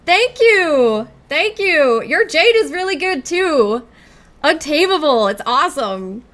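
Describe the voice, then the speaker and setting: A woman streaming a fighting game, exclaiming and chatting warmly with her viewers and her cat. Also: sits high, very animated, slow. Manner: squealing and exclaiming while playing, chatting to viewers. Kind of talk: excited live-stream commentary.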